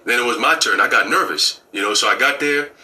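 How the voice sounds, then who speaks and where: A man telling a dream story in a slangy, animated way, acting out what people said. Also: mid-range voice, quick pace. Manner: slangy and animated, acts out quoted lines. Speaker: church member telling a dream. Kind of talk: casual storytelling.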